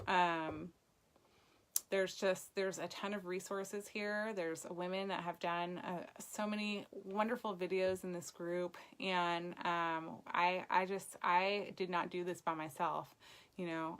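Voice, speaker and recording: A woman's voice: on the low side, flat delivery, takes it slowly, clear, resonant tone. Upbeat woman doing a sales team pep talk, casual live video, lots of ums. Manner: encouraging, chatty, frequent ums. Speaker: direct-sales team leader.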